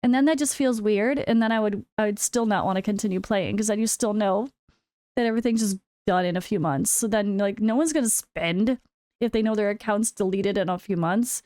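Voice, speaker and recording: A woman's voice: mid-range voice, a little fast, darkish tone, no room sound, studio quality. An American woman, a full-time gaming content creator, talking candidly to her viewers in a casual vlog, with wry sarcastic asides. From United States. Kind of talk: casual chat.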